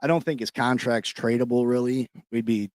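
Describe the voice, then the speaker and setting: A man's voice: mid-range voice, fairly even intonation, normal speed, dry recording, studio quality. Hype slangy man hosting a sports podcast. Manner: hype, slangy, shouting out the chat. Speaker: podcast host. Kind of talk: casual sports podcast chat. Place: New York.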